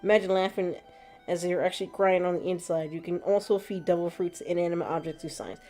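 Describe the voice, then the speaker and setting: A woman's voice: lowish voice, steady tone, fast, dark tone. A woman streaming gameplay, chatting casually, laughing often and reading chat aloud. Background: faint background music.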